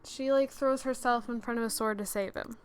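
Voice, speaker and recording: A woman's voice: on the high side, steady tone, a little fast, slight background noise. A young woman chatting casually over a life-sim game, rambling and scatterbrained, talking to herself as she plays. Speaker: let's-play gamer. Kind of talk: casual gameplay commentary.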